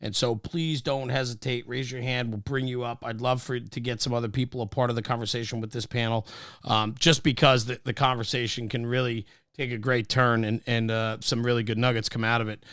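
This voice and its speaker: Friendly male moderator, mid-pitched, dry close phone sound, enthusiastic and quick. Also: level tone, a bit bright, no room sound. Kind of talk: casual panel moderation. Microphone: phone in an audio chat room.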